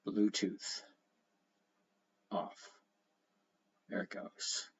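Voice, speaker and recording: A man's voice: extremely slow, poor audio. A man hosting a casual livestream from home, greeting viewers by name and reading their comments aloud. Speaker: livestream host.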